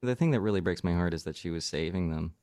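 A man's voice: low voice, fast talker, no echo. A man who makes radio and writes poetry, chatting animatedly and reading short poems aloud in a studio. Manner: animated, indignant about the poem. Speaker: radio producer and poet. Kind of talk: casual chat and poetry reading.

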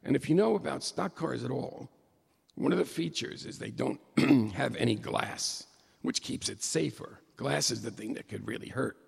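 Middle-aged guy spinning a funny story, really gravelly, kinda husky, echo of a big hall. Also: medium pitch, moderate pace. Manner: animated, excitable, jokey asides. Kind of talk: humorous personal storytelling to an audience.

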